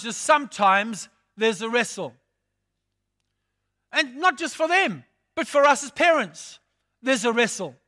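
A man's voice: extremely high pitch, pushed and bright. An older man from England preaching a sermon, telling stories and repeating phrases for emphasis.

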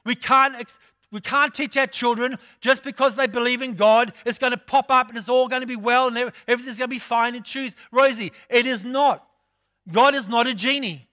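An older man from England delivering a sermon in a strikingly high voice with a bright, ringing tone. He builds his points by repeating key phrases and drifts easily into personal stories. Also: fairly even intonation, brisk. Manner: storytelling, repeats phrases for emphasis. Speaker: preacher.

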